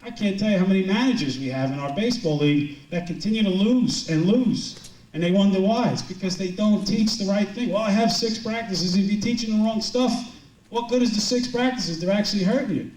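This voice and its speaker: A man's voice: sits high, a little fast, darkish tone. A middle-aged man giving a rambling, joking motivational talk to a business audience. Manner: joking, rambling storyteller with many restarts. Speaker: motivational speaker. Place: large event hall with a live audience. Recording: roomy, distant hall mic with crowd laughter.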